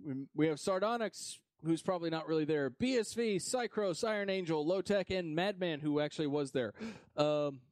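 A man's voice: fairly high pitch, moderate pace, darkish tone, dry recording. Laid-back male podcast host, dry sound. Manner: rambling, laid-back, swears casually. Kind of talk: casual chat.

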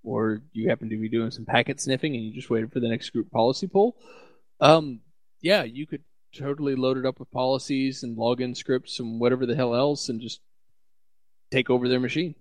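A man's voice: mid-range voice, fairly even intonation, a little fast, no room sound. A man hosting a casual tech podcast, sardonic, laughing often as he reads news items aloud. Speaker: podcast host.

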